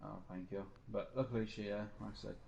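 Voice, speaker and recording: A man's voice: on the low side, steady tone, fast talker, gravelly, a crowd in the background, rough recording. A man streaming a game, rambling through a personal story in casual chat and mimicking other people's lines. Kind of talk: casual chat while gaming.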